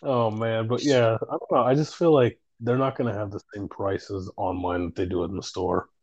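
A man's voice: fairly low pitch, fairly even intonation, normal speed, darkish tone, no room sound, highs cut off. A young man in casual chat who retells stories through lots of quoted back-and-forth, swearing and laughing as he goes.

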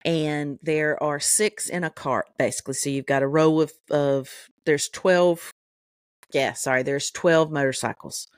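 A middle-aged woman co-hosting a podcast, telling an animated story full of profanity in casual chat. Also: low-pitched, unhurried, clean tone, no room sound, studio quality. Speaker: podcast co-host.

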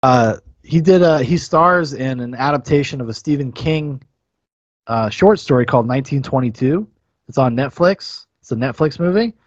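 A man talks about films with real enthusiasm, his pitch bouncing around in a lively way as he swears and laughs. The sound is dry and slightly dull. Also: moderate pace, no room sound. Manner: enthusiastic and profane, laughs easily. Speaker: podcast guest. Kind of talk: casual film review chat.

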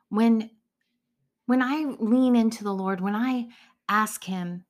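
Middle-aged woman, earnest Christian speaker; devotional teaching, slips into hushed whispers for emphasis. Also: on the high side, takes it slowly. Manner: earnest, often drops to a soft whisper.

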